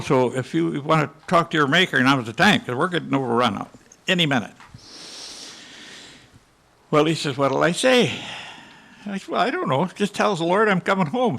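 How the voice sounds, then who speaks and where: Man in his 80s, veteran panelist, gravelly edge, storytelling with spoken gunfire. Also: a little high, a bit bright. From United States. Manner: vivid, with spoken gunshot sounds. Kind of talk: storytelling to a live audience. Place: conference hall panel.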